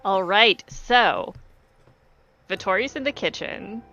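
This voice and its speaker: A woman running a tabletop game as game master, unhurried and thinking aloud. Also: mid-range voice, animated, bright, forceful tone, faint music behind. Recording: dull lo-fi stream audio.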